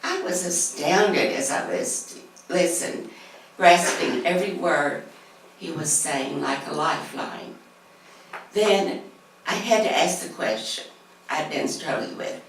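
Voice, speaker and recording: A middle-aged woman reading a personal story aloud in a church class, earnest and measured. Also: fairly low pitch, creaky. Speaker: class speaker. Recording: echoey room from far off, faint hiss.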